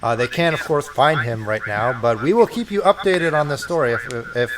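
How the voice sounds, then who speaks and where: A man's voice: mid-range voice, lively intonation, a little fast, noisy background. A man co-hosting a casual podcast, recapping news and laughing easily. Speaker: podcast co-host.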